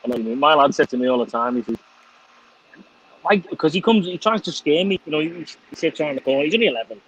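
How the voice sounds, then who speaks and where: A man's voice: fairly high pitch, expressive, quick pace, fairly bright tone, lo-fi sound. A middle-aged man hosting a casual chat, laughing and swearing freely. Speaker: host.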